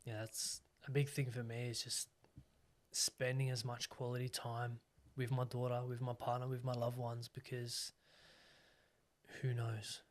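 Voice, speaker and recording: Flat-toned, reflective male host. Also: medium pitch, measured pace, slight background noise. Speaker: podcast host. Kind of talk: casual interview chat.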